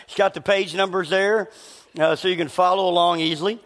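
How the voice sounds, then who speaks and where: A man preaches in a relaxed, conversational way, his voice set fairly high. His throat sounds a little scratchy. The long reverb of a large church sanctuary trails after his words. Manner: conversational preaching with a slight rasp, pauses to cough. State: scratchy voice needing a cough drop. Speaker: pastor. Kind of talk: sermon.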